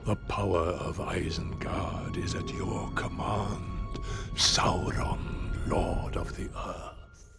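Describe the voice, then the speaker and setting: An actor playing a menacing old wizard who pledges his power to a dark lord, speaking in a gravelly whisper. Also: low-pitched, fairly even intonation, slow pace, heavily acted. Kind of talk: film dialogue. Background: scary film music.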